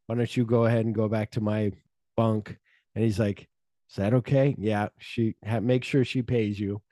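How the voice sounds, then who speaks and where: Man, low voice, mellow tone, dry close sound, casual podcast chat, animated film recap, acts out lines. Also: dry recording. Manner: animated retelling, acts out lines in quick voices, swears freely. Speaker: podcast co-host.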